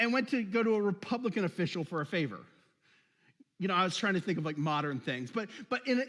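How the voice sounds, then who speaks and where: A man's voice: sits high, fairly bright tone, big-room sound. A man preaching a casual sermon, joking and laughing often, with many restarts. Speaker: pastor. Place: church hall.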